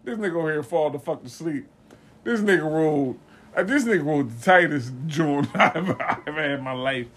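Young guy, higher-pitched, loose and profane; casual chat, laughs a lot. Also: lively intonation, fairly quick, a bit bright. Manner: profane, slangy, laughs often.

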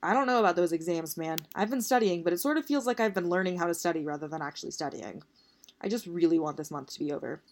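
Woman doing a flustered blunt college girl, lowish voice, storybook reading. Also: fast, darkish tone, lightly acted. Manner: blunt, a bit whiny. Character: flustered young female college student.

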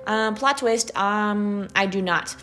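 Animated young woman with Valley Girl lilt. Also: medium pitch, slow pace, faint music behind. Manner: animated, chatty, heavy use of "like" and "okay". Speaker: student podcast host. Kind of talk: casual solo podcast monologue.

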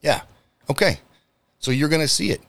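A man's voice: a little high, animated, moderate pace, gravelly, a bit bright, no echo. Fired-up, profane man ranting. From United States. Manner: profane, heated and emphatic; direct address to listeners. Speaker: podcast host. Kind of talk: solo podcast rant.

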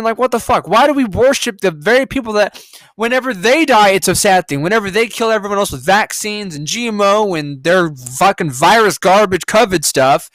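Profane, sarcastic man with lively pitch. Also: fairly quick, no room sound. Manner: profane, sarcastic, mocking asides. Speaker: podcast host. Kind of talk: solo commentary reading headlines.

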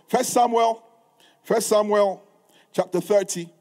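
Emphatic male preacher with a high voice; reads old-style scripture and drives points home with repetition. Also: a little slow, darkish tone. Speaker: pastor. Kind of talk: sermon.

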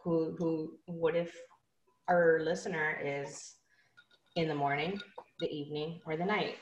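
Young woman, podcast co-host, slightly low voice, bubbly, roomy echo. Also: fairly even intonation, unhurried, muffled recording, slight background noise. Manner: bubbly, giggly, trails off quietly. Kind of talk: casual podcast chat.

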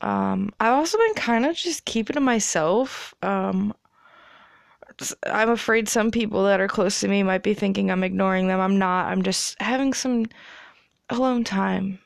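Gravelly-voiced woman rambling casually. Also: mid-range voice, moderate pace, no room sound, clean studio sound. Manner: rambling, profane, relaxed, frequent fillers. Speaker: podcast host. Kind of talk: casual solo chat.

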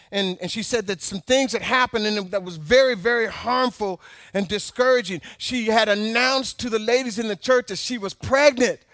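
Male preacher, high voice, storytelling sermon, dry close sound. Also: fairly bright tone, no room sound. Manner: personal storytelling, emphatic repetition. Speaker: pastor.

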